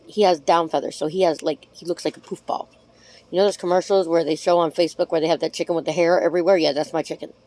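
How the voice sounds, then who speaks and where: A woman talking straight to camera in a loose, rambling vlog. Her voice sits a little low, and she is chatty and affectionate. She is frank and swears offhandedly. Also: mellow. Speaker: vlogger. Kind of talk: casual talk to camera.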